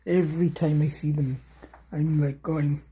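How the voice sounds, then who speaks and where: A man talking casually to camera in a vlog, halting and trailing off, often dropping to a near whisper. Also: a little high, steady tone, dark tone, husky. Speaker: vlogger.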